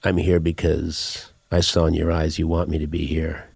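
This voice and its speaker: A man doing a deep gravelly seductive reader. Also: completely flat delivery, darkish tone, no echo, studio quality, full character voice. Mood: mock-seductive. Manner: drawn-out, mock-seductive reading. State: has a cold. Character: man doing a deep sultry romance-novel reading voice.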